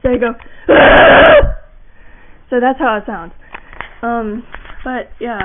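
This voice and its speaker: A woman's voice: fairly high pitch, steady tone, normal speed. A young woman giving a casual voice acting how-to, rambling with fillers and restarts. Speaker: voice acting tutorial maker. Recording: tinny lo-fi home mic.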